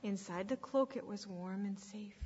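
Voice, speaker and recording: A woman reading a story aloud to children at church, expressive and sometimes dropping to a hushed whisper. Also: medium pitch, normal speed, a little hiss or hum. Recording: echoey hall, dull lo-fi sound.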